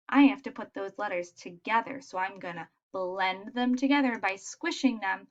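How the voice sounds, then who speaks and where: A woman teaching young children letter sounds in a patient, encouraging way, modelling each sound clearly. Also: mid-range voice, normal speed, hardly any pauses, highs cut off. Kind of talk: phonics lesson for young children.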